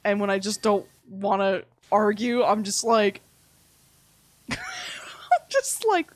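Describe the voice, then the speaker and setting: A woman's voice: mid-range voice, steady tone, takes it slowly, no room sound. A woman streaming from home, chatting casually while gaming, laughing often and speaking candidly with some swearing.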